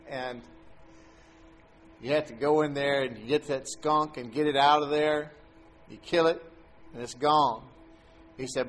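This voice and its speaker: A middle-aged man telling a personal faith story in a casual way, laughing often as he goes. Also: medium pitch. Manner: animated storyteller who laughs as he tells it. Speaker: guest telling a faith testimony. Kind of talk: casual spoken testimony.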